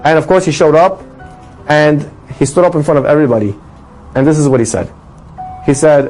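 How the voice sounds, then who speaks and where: Fast-talking rabbi telling a story. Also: male voice, a little high, steady tone, a little mellow, faint music behind, low-quality recording. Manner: emphatic, many rhetorical questions. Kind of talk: storytelling talk.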